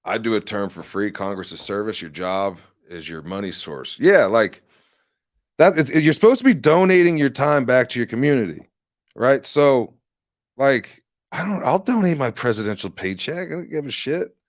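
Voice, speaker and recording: A man's voice: mid-range voice, animated, moderate pace, dry recording, studio quality. A man hosting a livestream, ranting in a rambling, profane and sarcastic casual way. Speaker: livestream host and candidate.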